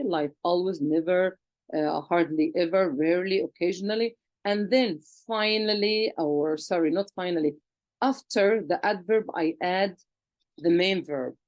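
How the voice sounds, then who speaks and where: A woman's voice: lowish voice, darkish tone, dry recording, rough recording. A woman teaching an English grammar lesson to children, patiently asking questions and answering them herself.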